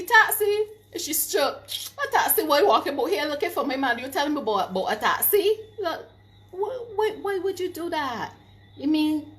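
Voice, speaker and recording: A middle-aged woman, telling stories in a casual vlog, animated, laughing often, and stopping to give advice. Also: on the high side. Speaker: vlogger.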